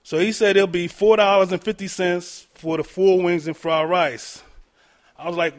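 A man's voice: sits high, steady tone, normal speed. A man telling a first-person story in a laid-back, conversational way, with filler ums.

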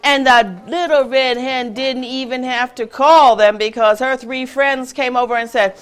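A woman's voice: high voice, unhurried, clear, resonant tone. Singsong woman telling a children's story. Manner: lively, singsong, sings little tunes. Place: event room with tables.

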